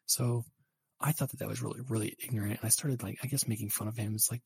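Brief: husky, gravelly young man, rambling and profane, livestream host on a dry close mic. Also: on the low side, fast talker, dry recording. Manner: rambling, profane, animated storytelling. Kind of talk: casual livestream chat.

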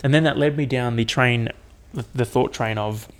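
A man's voice: medium pitch, normal speed. A young man hosting a casual solo podcast, rambling and swearing with lots of fillers. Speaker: podcast host.

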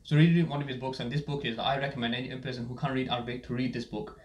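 Male podcast host, rapid, storytelling style, roomy echo, medium pitch. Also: steady tone. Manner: storytelling, many fillers and asides. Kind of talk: casual podcast chat.

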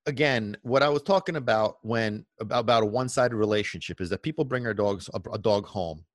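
A man's voice: on the low side, a little fast, dry recording, studio quality. A man hosting a podcast on dog training, talking emphatically, peppering points with "okay?" and rhetorical questions. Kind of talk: podcast monologue.

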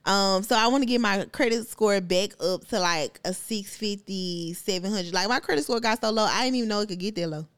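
A woman's voice: mid-range voice, brisk, hardly any pauses, clean tone. A woman, chatting casually and bluntly as a podcast co-host, swearing and laughing often. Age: 20s. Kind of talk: casual chat.

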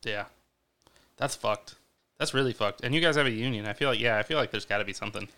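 A man's voice: medium pitch, fast talker, pushed and bright. A man in casual chat, asking short questions and reacting bluntly. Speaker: podcast co-host.

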